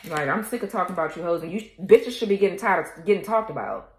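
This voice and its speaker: A woman's voice: fairly low pitch, lively intonation, fast, darkish tone. Profane, ranting woman tarot reader. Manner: profane, confrontational, rants at haters. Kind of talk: tarot reading rant. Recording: echoey room.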